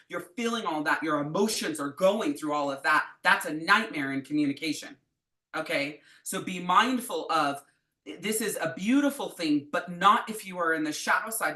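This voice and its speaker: Blunt, bright-voiced middle-aged woman coach. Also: lowish voice, roomy sound. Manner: blunt, profane and emphatic. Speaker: astrology coach. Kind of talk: casual live teaching.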